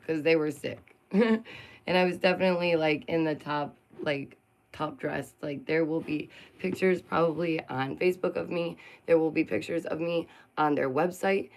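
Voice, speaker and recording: A woman's voice: on the low side, poor audio. A middle-aged woman venting to her viewers in a casual, emotional vlog. She talks animatedly and laughs between points. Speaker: vlogger.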